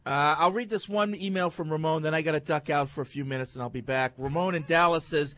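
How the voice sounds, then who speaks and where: A man's voice: fairly high pitch, fast, few pauses, a bit bright. A man hosting a casual sports talk show, reading listener emails and teasing his co-hosts.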